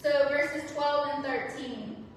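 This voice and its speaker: A woman's voice: sits high, slow, a little hiss or hum. A woman preaching a sermon in a church, chatty and conversational, acting out the quoted lines of the people she talks about. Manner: conversational, acts out quoted dialogue. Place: church sanctuary. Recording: echoey hall, voice from far off.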